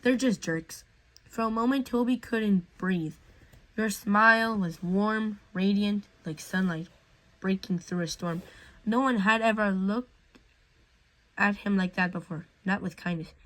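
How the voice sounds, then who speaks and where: A woman's voice: medium pitch, measured pace, fairly bright tone, rough recording. Woman casually reading a story aloud. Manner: casual reading with restarts and slips. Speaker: fan fiction reader.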